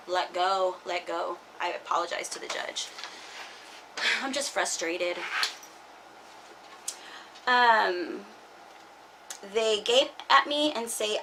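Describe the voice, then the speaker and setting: Bright-voiced woman in her forties. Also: medium pitch, a little hiss or hum, poor audio. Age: 40s. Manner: frustrated, talking in loose run-on asides. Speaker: vlogger. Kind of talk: casual personal vlog with scripture reading.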